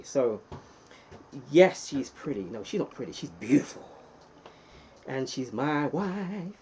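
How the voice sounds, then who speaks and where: A man with an English accent hosting a casual live stream, reading the chat and giving playful shout-outs to viewers. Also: mid-range voice, big pitch swings, slow, long pauses, a little hiss or hum.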